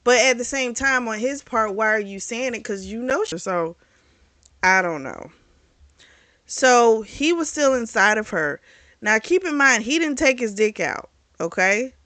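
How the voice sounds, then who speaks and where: A woman's voice: on the high side, expressive, unhurried, fairly bright tone, dry recording. A woman reviewing a book, casually retelling its plot in a candid, rambling way with frequent fillers and self-corrections. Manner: candid and chatty, frank about explicit scenes.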